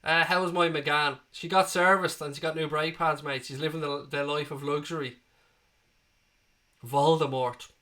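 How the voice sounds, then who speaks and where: Chatty Irish man, bright voice. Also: fairly high pitch, fairly even intonation, normal speed. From Ireland. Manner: chatty, matey, answers chat questions one by one. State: recovering from being sick. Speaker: football watchalong host. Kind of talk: casual live-stream chat reading viewer comments.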